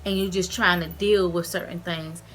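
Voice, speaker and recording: Speaking to camera in a casual talk, a woman vlogger describes her weight-loss surgery and recovery. Her voice is lowish and moderately paced, and she retells events with emotion, earnestness and expressiveness while offering direct, heartfelt advice.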